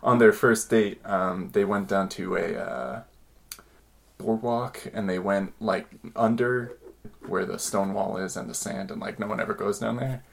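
Quick, rambling male podcast host. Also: on the low side, steady tone, creaky. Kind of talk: casual podcast chat.

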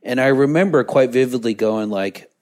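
Relaxed male co-host, mid-pitched voice, halting and dryly funny. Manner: laid-back, halting, dry humor. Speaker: podcast co-host. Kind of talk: casual couple chat.

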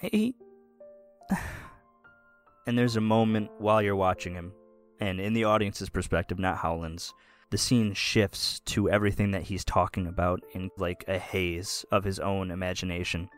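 A man's voice: deep voice, normal speed. A man narrating as game master in a tabletop game, casual and chuckling, with faint music behind.

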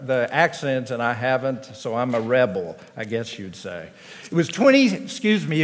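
Southern tennessee pastor guy, folksy and chatty, big echoey chapel sound. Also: medium pitch. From Tennessee, USA. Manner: folksy storytelling, halting restarts. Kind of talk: chapel address. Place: large chapel. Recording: long hall reverb.

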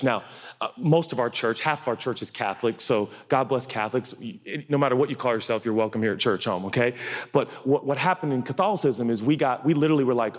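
A man preaching a sermon as a pastor, animated, acting out quotes with big leaps in pitch and loudness. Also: quick pace. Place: church hall. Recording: long reverb of a large hall.

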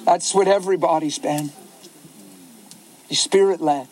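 A middle-aged male pastor preaching a sermon in an animated, folksy way, with asides to the crowd. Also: on the high side, a little slow, rough recording.

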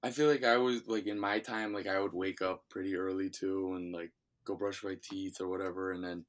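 A man's voice: low-pitched, brisk. A young man from Ohio with a slight Midwestern accent, a guest casually rambling through a podcast interview with lots of fillers. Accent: Midwestern American. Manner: relaxed rambling with many fillers. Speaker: guest, former reality show contestant.

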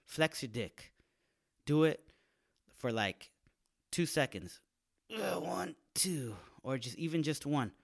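Slow and gravelly with long pauses, this comedian's high-ish voice has lively intonation. He hosts his own podcast, delivering a casual, crude monologue with lots of slang and performed voices.

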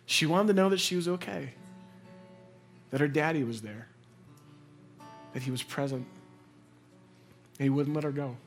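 Earnest pastor preaching, soft then rising. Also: male voice, soft background music. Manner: earnest, builds to intense emphasis then drops soft and low; conversational storytelling with quick asides. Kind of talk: sermon.

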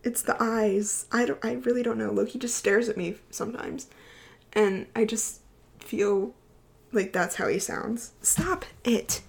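A woman's voice: medium pitch, fairly even intonation, measured pace, gravelly. A young woman of about twenty hosts her own podcast in a loose, chatty way. She rambles off topic and keeps breaking into giggles as she talks. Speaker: podcast host. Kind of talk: casual chat.

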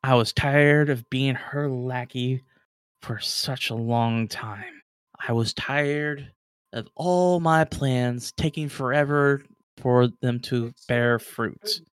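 A man voicing a scheming father villain who speaks slowly and coldly. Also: mid-range voice, clear, resonant tone, dry recording, lightly acted. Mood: weary contempt. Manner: slow, cold, contemptuous. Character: weary scheming father villain, male, middle-aged.

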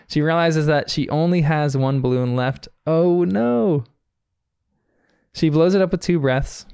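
Earnest American man, gravelly and dry. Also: medium pitch, a little mellow, dry recording. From United States. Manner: earnest and reflective, with frequent chuckles. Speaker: podcast host. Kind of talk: podcast episode recap.

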